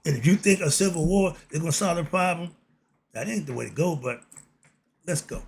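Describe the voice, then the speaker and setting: A man's voice: a little high, a little fast, creaky, slight background noise. A man hosting a casual political monologue, blunt and streetwise, asking himself "why?" and answering. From United States. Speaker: commentary channel host.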